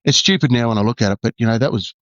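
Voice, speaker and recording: An Australian man, a former undercover detective, tells his story candidly in a halting way full of restarts and fillers. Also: mid-range voice, fairly bright tone, dry recording, lo-fi sound.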